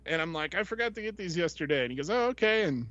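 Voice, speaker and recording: A man's voice: on the high side, expressive, very fast, fairly bright tone, no room sound. A man hosting a podcast, telling a casual, rambling story full of fillers and voices he quotes. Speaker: podcast host. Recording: dull lo-fi, dry sound.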